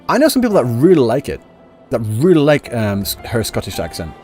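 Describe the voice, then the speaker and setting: A man's voice: mid-range voice, wildly swooping pitch, a little fast, mellow. A man streaming a game live, chatting to viewers in a rambling, self-correcting way. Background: game audio and music.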